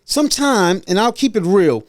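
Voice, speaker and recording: A middle-aged man hosting a podcast, telling stories in a casual, animated way and acting out the voices of people he quotes. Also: high voice, normal speed, no room sound, clean studio sound. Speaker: podcast host. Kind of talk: casual storytelling conversation.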